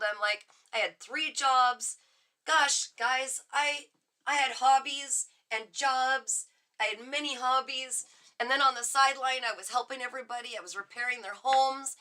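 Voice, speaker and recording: A middle-aged woman chatting excitedly on a live tarot stream, reacting to viewer comments as she reads cards. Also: sits high, moderate pace. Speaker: psychic reader on a live stream. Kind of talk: casual live tarot chat.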